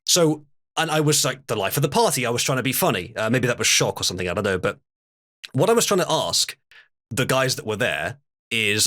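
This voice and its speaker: Lively-voiced man telling a story. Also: medium pitch, fairly quick. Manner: animated storytelling, hesitant fillers. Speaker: streamer. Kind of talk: casual chat.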